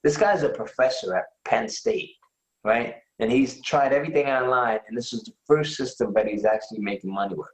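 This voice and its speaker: An enthusiastic man giving a live webinar sales pitch, his voice sitting at an ordinary pitch. He keeps asking "right?" to check in with his audience. The room around him has a noticeable echo. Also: brisk. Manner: enthusiastic, repeats "right?" often. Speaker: webinar host.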